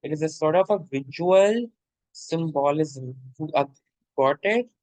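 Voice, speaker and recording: A fairly high-pitched man teaching literature in a patient, repetitive lecture style. He keeps checking in with his listener. The sound is dry and close. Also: animated, a little slow, a little mellow, dry recording, rough recording. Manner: repeats points, frequent "okay?" check-ins; addresses listener as "my dear". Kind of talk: explanatory lecture.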